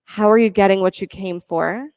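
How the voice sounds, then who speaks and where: A woman yoga teacher leading a class, giving calm, encouraging step-by-step cues for breath and poses. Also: mid-range voice, normal speed, smooth, no room sound. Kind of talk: guided yoga class instruction.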